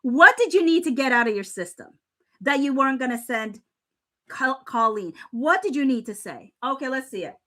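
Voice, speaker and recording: A woman with a high voice hosts a casual live stream. She reads text messages aloud and reacts to them, laughing and getting teary as she goes. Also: animated, normal speed, bright, forceful tone. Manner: emotional, laughing and near tears while reading. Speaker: livestream commentator. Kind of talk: casual live commentary reading texts aloud.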